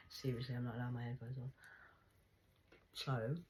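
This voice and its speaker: A woman's voice: extremely low pitch, a little hiss or hum, low-quality recording. A middle-aged woman telling a rambling personal story in a blunt, casual monologue, swearing freely. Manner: acts out quoted dialogue in lively voices. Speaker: vlogger.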